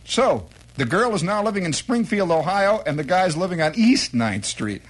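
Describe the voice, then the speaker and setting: A middle-aged man spinning a long, rambling comic story, his voice sitting a little high for a man and swinging widely up and down as he jumps into quoted exclamations. Stand-up monologue delivery, loose and conversational. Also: very animated, moderate pace. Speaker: comedian.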